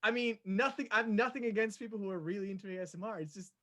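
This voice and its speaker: A man's voice: high voice, very fast, fairly bright tone. A man co-hosting a live stream, joking in a laid-back way and chuckling as he talks. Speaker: streamer co-host. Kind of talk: casual chat on a live stream.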